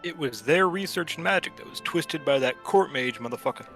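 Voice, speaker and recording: A man's voice: a little high, animated, brisk, music in the background. A man streaming a game live, reacting and chatting casually with loose, profane banter. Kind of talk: casual live gameplay commentary.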